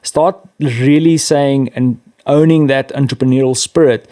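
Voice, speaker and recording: A man's voice: mid-range voice, fairly even intonation, measured pace, warm tone. Chatty South African man. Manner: chatty, self-deprecating, many restarts. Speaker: podcast guest. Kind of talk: casual conversation.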